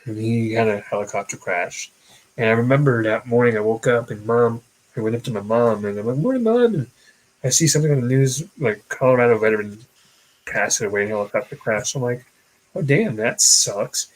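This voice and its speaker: A young man co-hosting a casual chat show, telling personal stories in a halting way with many fillers and restarts. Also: mid-range voice, steady tone, low-quality recording. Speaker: podcast co-host.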